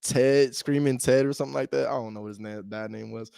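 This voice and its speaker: A man's voice: medium pitch, fairly even intonation, fast, vocal fry, mellow, clean tone, dry recording. Laid-back slangy young man, dry close sound. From United States. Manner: laid-back slangy, laughs often, talks to viewers as "bro". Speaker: real estate wholesaler cold calling. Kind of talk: casual vlog talk between phone calls.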